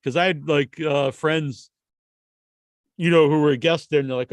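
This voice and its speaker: A man's voice: a little high, normal speed, long pauses, no room sound. A man hosting a podcast in casual chat, rambling and laughing often. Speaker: podcast host.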